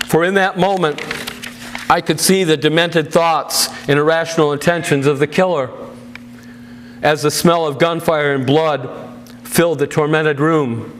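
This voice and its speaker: A man's voice: fairly even intonation, a little slow. A male pastor speaking to an audience and reading a family's account aloud, with earnest, emotional storytelling and plain asides. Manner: earnest, emotional storytelling with loud raised-pitch quotes.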